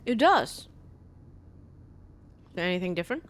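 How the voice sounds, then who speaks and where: A woman's voice: lowish voice, very animated, normal speed. A young woman live streamer giving casual, giggly, chatty commentary while she plays.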